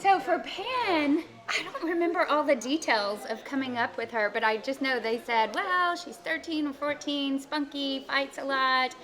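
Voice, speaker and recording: Bright, high-voiced bubbly woman. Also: lively intonation, moderate pace, hardly any pauses. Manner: bubbly, giggly. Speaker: voice actress, convention panel guest. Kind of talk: casual panel talk.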